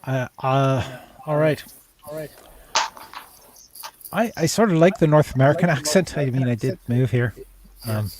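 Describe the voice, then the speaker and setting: A man hosting a casual livestream, rambling and halting, full of dad jokes. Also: mid-range voice. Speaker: livestream host.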